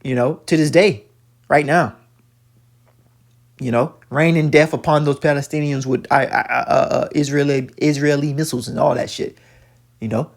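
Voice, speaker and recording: A man's voice: a little high, fairly even intonation, moderate pace, vocal fry. A man giving profane, preachy religious commentary while reacting to a video, talking emphatically with many stammered restarts.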